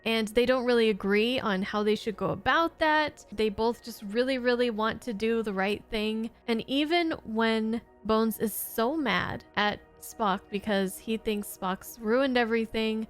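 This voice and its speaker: A woman talks through a casual top-ten review of her favorite episodes on her own channel. Her voice sits a little high, and her delivery is earnest and heartfelt. Faint music plays quietly beneath her. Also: a little slow, hardly any pauses. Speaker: YouTube reaction host.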